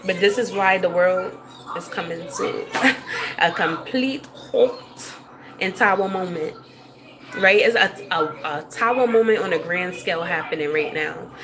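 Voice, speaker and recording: A woman's voice: on the low side, unhurried, crowd noise. A woman livestreaming, ranting to her chat in a blunt, profane way and laughing often. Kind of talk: casual livestream rant to chat.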